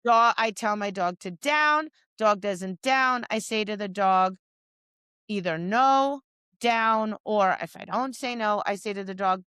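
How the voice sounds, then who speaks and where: A woman's voice: mid-range voice, a little slow, a bit bright, clear, resonant tone, dry recording. A woman dog trainer co-hosting a podcast, talking casually and animatedly, acting out her dog's replies and scolding owners with exasperation. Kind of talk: casual chat.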